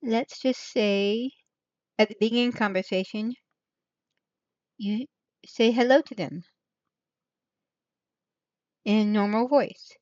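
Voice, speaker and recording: Speaking slowly and pausing often, a woman hosting her channel chats and rambles, trailing off and restarting as she thinks aloud. Her slightly high voice holds a steady tone with a darkish quality. There's no echo, and the sound is lo-fi.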